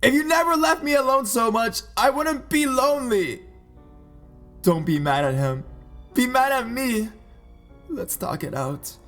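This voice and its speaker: A man voicing a hysterical young woman who pleads and screams in a shrill falsetto. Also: big pitch swings, unhurried, creaky, hardly any pauses, breathy edge, soft background music, exaggerated voice. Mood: hysterical pleading.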